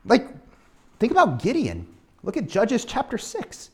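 A man preaching a sermon, retelling Bible stories in a casual, animated way and acting out the characters. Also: very high-pitched, brisk. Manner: animated storytelling, acts out biblical characters casually. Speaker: pastor.

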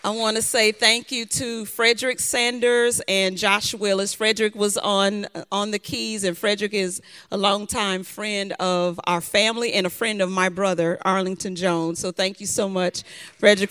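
A woman's voice: mid-range voice, steady tone, normal speed, a bit bright, smooth. A woman giving chatty thank-yous to an audience in a church, sometimes tripping over names. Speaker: event speaker giving thanks. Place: church hall. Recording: long hall reverb.

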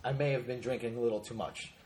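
A man's voice: mid-range voice, fairly even intonation, fast, reverberant, noisy background. A man telling a crude, rambling story in a casual podcast chat. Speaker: podcast co-host.

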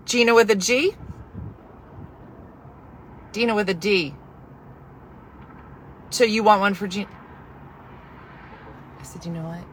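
A woman telling a story on a live stream as a casual rant, exasperated and animated, swinging from quiet asides to loud outbursts. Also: mid-range voice, takes it slowly, pauses often, slight background noise, poor audio.

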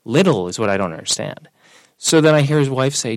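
A young man in an interview, talking casually and telling personal stories, relaxed and lively when quoting other people. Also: mid-range voice, quick pace, no room sound. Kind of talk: casual conversational storytelling.

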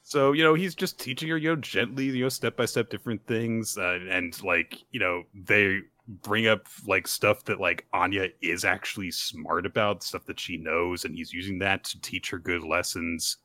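A man co-hosting a podcast, recapping manga in casual chat and jumping into quick put-on voices for the characters. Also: deep voice, bright, forceful tone, no room sound. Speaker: podcast co-host.

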